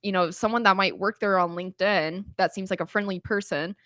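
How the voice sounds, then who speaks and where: Woman, podcast guest, bright voice, dry close sound, animated chatty storytelling. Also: mid-range voice, a little fast, no echo. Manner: animated storytelling, frequent "like" and laughter. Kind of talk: casual chat.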